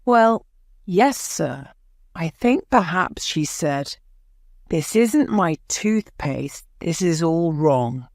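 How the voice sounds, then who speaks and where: A woman's voice: on the low side, animated, drawn-out words, darkish tone, no room sound, clean studio sound, heavily acted. A woman voicing a nervous male airport policeman giving hesitant, polite answers in court. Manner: hesitant, deferential, adds "sir".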